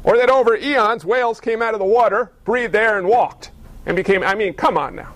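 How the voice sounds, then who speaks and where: High-voiced male pastor preaching. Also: fairly quick. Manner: lively, full of rhetorical questions and wry asides. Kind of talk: sermon.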